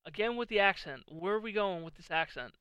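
A man's voice: high voice, lively intonation, fairly quick, pushed and bright, clean tone, dry recording, muffled recording. A man co-hosting a sports podcast in casual chat, jokey and self-deprecating, laughing often. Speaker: podcast co-host.

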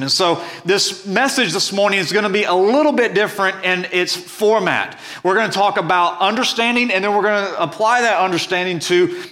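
Bright-voiced male preacher. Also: sits high. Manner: earnest, emphatic preaching with scripture reading. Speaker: pastor. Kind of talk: sermon.

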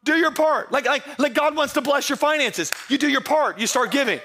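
A man preaching a humorous sermon, telling the story playfully and acting out the characters in hushed asides. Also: expressive, fairly quick, gravelly, noisy background. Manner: playful storytelling, acts out disciples in low hushed voices. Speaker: pastor.

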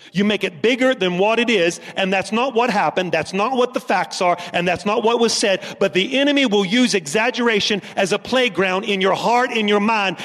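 A man's voice: high voice, fairly bright tone, big-room sound. A man preaching a sermon as pastor, emphatic and repeating lines for stress.

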